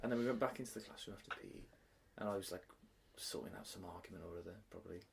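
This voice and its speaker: A man's voice: low voice, very fast, creaky, noisy background. A man, a teacher and podcast co-host, telling a funny story in casual chat and laughing often as he acts out voices.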